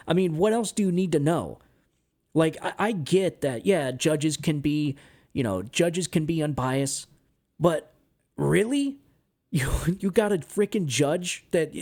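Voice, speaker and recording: A man's voice: mid-range voice, darkish tone. A man from the United States hosting a political commentary show, talking in a heated, exasperated monologue and often ending lines with "man". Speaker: host.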